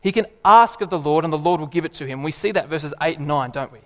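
A man, preaching a sermon in an animated, emphatic way. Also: a little high, quick pace, big-room sound. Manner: animated, emphatic, laughs and acts out voices.

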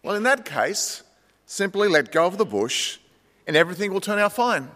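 A man voicing God as a calm, powerful male voice speaking from the sky. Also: high voice, clear, resonant tone, in a large hall. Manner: calm, slow, unhurried. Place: church sanctuary.

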